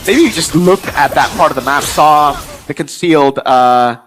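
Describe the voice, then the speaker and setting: A man giving chatty, excitable color commentary on an esports match. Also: fairly high pitch, normal speed, soft background music, poor audio. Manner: chatty, excitable, filler-heavy analysis. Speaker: esports analyst.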